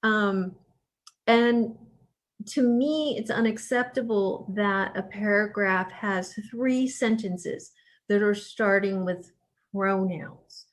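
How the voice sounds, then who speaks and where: A woman's voice: medium pitch, slow pace. A woman professor leading a writing workshop in a casual lecture style. She talks conversationally, with fillers and restarts, and turns emphatic when she coaches.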